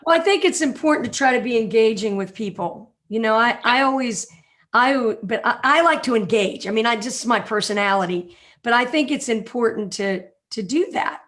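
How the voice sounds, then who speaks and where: A woman's voice: a little high, animated, normal speed, a bit bright. A woman hosting a podcast, chatting casually with a guest in a friendly, teasing way. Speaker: podcast host.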